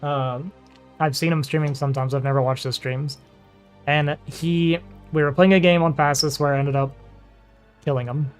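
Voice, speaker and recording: Chatty man with a slightly high voice. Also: fairly even intonation, normal speed, soft background music. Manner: chatty, laughs often, trails off with fillers. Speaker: streamer and game player. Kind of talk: casual chat.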